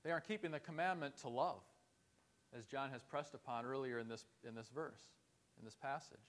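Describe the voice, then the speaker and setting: A man's voice: medium pitch, a little fast. A man preaching a sermon in a church, earnest and conversational, asking his listeners rhetorical questions. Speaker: pastor.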